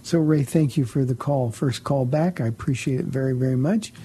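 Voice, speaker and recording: A man pastor hosting a call-in radio show, answering Bible questions in an earnest, halting way with frequent repeated words. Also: medium pitch, mellow, slightly rough.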